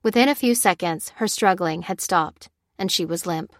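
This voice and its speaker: Woman audiobook narrator, steady measured reading, lowish voice, dry close recording. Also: dry recording. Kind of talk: scripted narration.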